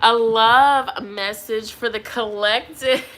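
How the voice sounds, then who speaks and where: Bright-voiced chatty woman tarot reader. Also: a little high, steady tone, slow pace. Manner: chatty, laughs often, trails off with fillers. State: pregnant. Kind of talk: casual chat with viewers during a live tarot reading.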